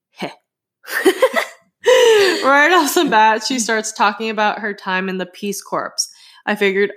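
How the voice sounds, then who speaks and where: A woman's voice: mid-range voice, normal speed, fairly bright tone. A woman co-hosting a casual podcast, reading listener stories aloud with chatty asides and frequent laughs. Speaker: podcast co-host. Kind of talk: casual chat and story reading.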